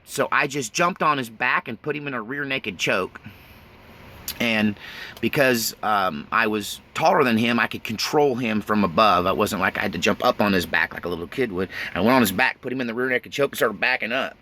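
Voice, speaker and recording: His voice lowish, pushed and bright, the man narrates his memoir at a moderate pace. The telling is plain-spoken, homespun and casual, with bursts of nervous laughter.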